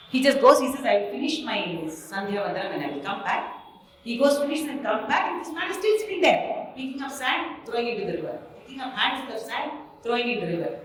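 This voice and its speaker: A woman's voice: sits high, a bit bright, slight background noise. A woman telling a devotional story, repeating phrases emphatically in a sing-song way. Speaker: spiritual storyteller. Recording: echoey hall, mic far off.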